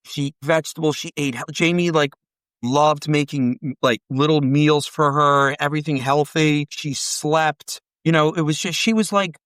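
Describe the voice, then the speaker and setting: A man's voice: a little high, normal speed, no echo. A man in his forties, a podcast guest, telling rambling, profane stories in a casual chat and acting out the dialogue. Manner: rambling, profane, animated storytelling with quoted dialogue.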